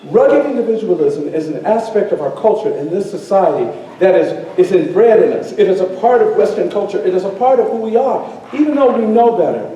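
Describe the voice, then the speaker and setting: Man storyteller, high mellow voice, very echoey distant hall sound, call-and-response teaching. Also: a little fast, hardly any pauses, muffled recording, slight background noise. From United States. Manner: animated, leads a crowd in call-and-response song. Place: high school auditorium with audience.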